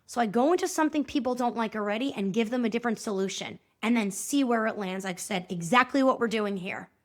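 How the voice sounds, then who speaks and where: High-voiced woman telling a story. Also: quick pace. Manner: animated, acts out both sides of dialogues. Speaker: podcast host and movement coach. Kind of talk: storytelling monologue.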